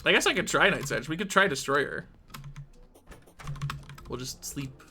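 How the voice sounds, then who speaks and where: A streamer talking through a video game live, swinging between excited shouts and quiet muttering. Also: mid-range voice, a little slow, soft background music. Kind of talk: live gameplay commentary.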